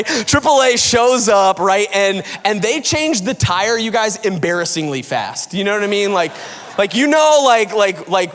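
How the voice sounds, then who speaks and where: A man preaching a sermon as a pastor, telling a story in a lively, self-mocking way and acting out what people said. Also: high-pitched. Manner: animated and self-mocking, acts out quotes, laughs often. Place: large church hall. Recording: long hall reverb.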